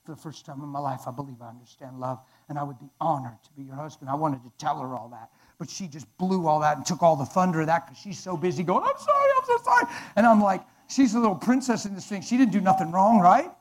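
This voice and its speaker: Male preacher giving a testimony, dramatic, shifts from loud to hushed. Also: fairly high pitch, fast, few pauses, low-quality recording. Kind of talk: emotional testimony sermon.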